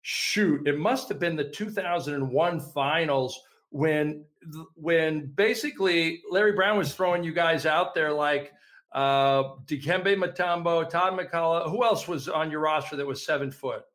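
A man's voice: a little high, measured pace, fairly bright tone. A man hosting a sports talk interview, eager and chatty, often restarting his questions.

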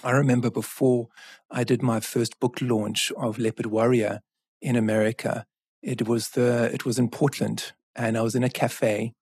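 A man speaks in an earnest, measured way, with a husky grain to his voice. He tells a story as a guest in conversation. The recording is dry and close. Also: medium pitch, flat delivery, a little mellow, no room sound. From South Africa. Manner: earnest, measured, with frequent restarts and asides. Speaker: author and guest.

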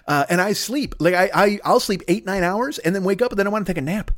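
Fast-talking profane man ranting solo. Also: high voice. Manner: profane, rambling, self-deprecating. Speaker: podcast host. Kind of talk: solo comedy podcast rant. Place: at his desk at home.

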